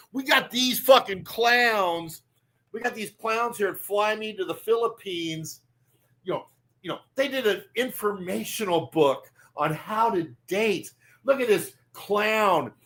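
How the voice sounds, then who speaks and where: A man's voice: sits high, pushed and bright. A man hosting a livestream, ranting in a rambling, profane way and laughing at his own jokes. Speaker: livestream host. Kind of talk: casual ranting livestream monologue.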